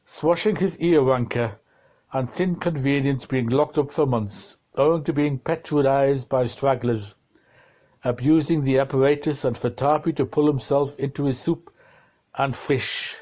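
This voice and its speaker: A man reading a dense novel aloud, slow and deliberate, shifting his tone for the quoted exchanges. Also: mid-range voice, darkish tone, lo-fi sound. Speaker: reader of a novel.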